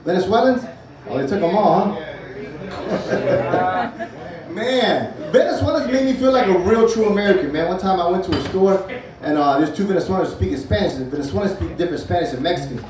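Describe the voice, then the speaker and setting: This forties-aged comic's voice is high-pitched, animated and brisk as he runs a loose, profane set on a comedy club stage, bantering with the crowd between bits. Audience laughter fills the echoey, distantly recorded room.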